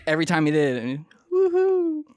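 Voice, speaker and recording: A man's voice: mid-range voice, fast, no echo. A man co-hosting a podcast, telling anecdotes in casual chat and chuckling as he talks. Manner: anecdotal storytelling, chuckles while talking. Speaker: podcast co-host.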